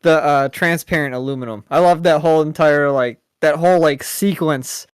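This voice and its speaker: Casual podcast co-host, man, smooth clear voice, dry close sound, rambling delivery. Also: fairly high pitch, moderate pace, no room sound. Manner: laid-back, rambling, laughs often. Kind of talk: casual chat.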